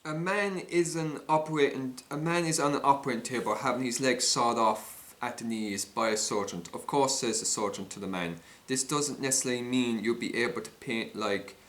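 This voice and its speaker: A man's voice: mid-range voice, normal speed, fairly bright tone. A man reading a string of jokes and quips aloud, often stumbling and restarting. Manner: stumbling, frequent restarts and self-corrections. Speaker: joke reader.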